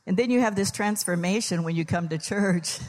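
In a church sanctuary, the pastor's wife's mother, an older woman, preaches a funny Mother's Day sermon, joking folksily and acting out stories in quoted voices. She has a mid-range voice and talks a little fast, with a big-room sound and slight background noise.

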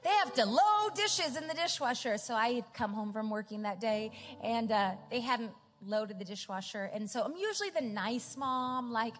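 Middle-aged woman pastor, high voice, conversational storytelling sermon in a reverberant hall. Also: lively intonation, moderate pace, few pauses, a bit bright. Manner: storytelling, chatty asides, rising to emphatic. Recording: large hall with reverb, faint music.

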